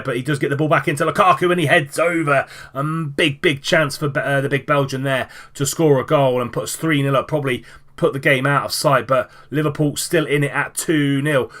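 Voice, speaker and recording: A man narrates match highlights from a football management game in an easygoing commentary style. His voice sits at an ordinary middle pitch, and he often stops for fillers and restarts before picking up with excitement. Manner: casual, lively with frequent fillers and restarts. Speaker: gaming commentator.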